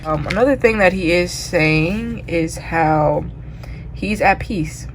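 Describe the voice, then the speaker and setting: A woman's voice: lowish voice, takes it slowly, a little hiss or hum, poor audio. A woman giving a casual tarot reading, talking loosely with lots of "like" and frequent laughs. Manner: chatty, loose, heavy use of "like", laughs often. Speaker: tarot reader.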